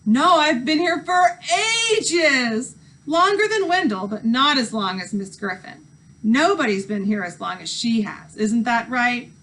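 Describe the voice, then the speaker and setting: A woman's voice: fairly high pitch, lively intonation, unhurried, a bit bright. A woman voicing a chatty, knowing young girl in a read-aloud storybook.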